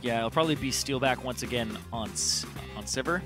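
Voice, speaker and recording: A man giving analytical esports color commentary, animated and leaping in pitch when emphatic. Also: a little fast. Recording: commentary over game music.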